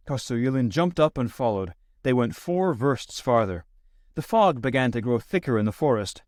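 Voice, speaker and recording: Male audiobook narrator, classic story, steady delivery, dry close sound. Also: mid-range voice, moderate pace, no room sound. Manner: steady storytelling, lifts voice for quoted speech. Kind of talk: scripted narration.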